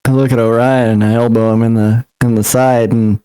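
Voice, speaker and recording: A man's voice: mid-range voice, little pitch movement, a little fast, mellow, clear, resonant tone, poor audio. A man playing a tabletop game, bantering and laughing between lines. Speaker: player. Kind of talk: tabletop role-play.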